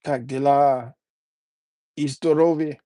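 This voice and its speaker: A man from Alabama talks loosely to his livestream chat, greeting viewers one after another. His voice sits at an ordinary middle pitch. The sound is dry and close, with no room around it. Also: steady tone, takes it slowly, dry recording. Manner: chatty, greets and shouts out viewers by name. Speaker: livestreamer and rapper. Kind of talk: casual live-stream chat.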